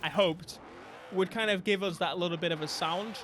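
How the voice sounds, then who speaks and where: A young man, giving animated, jokey live gameplay commentary as a streamer, with sudden bursts of mock outrage. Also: sits high, moderate pace, noisy background. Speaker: gaming streamer.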